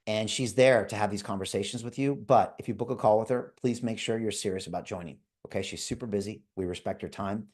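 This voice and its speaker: A middle-aged man hosting a live online call, making an urgent, repetitive sales pitch and checking in with "okay?" and "right?". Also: a little mellow. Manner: urgent, repetitive tag questions. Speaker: livestream host selling a crypto course.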